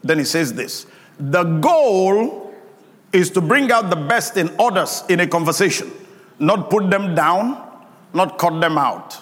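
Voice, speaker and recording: Preacher, male, high voice, emphatic and drawn-out, ringing hall reverb. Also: expressive, fairly bright tone. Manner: emphatic preaching with call-and-response to congregation. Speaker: pastor. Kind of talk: sermon.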